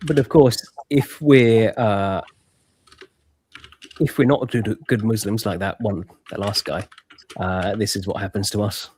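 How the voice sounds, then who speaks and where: A man's voice: lowish voice, steady tone, a little slow, darkish tone, slight background noise. An English man chatting casually with friends as they react to clips. He is sarcastic and laughs easily. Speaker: podcast co-host. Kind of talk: casual chat reacting to videos.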